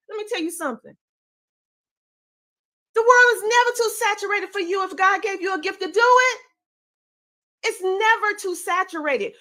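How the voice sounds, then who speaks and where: A woman's voice: high voice, bright, forceful tone. A woman from the Southern United States with a country twang, giving an emphatic, preacher-like motivational speech as a podcaster and coach.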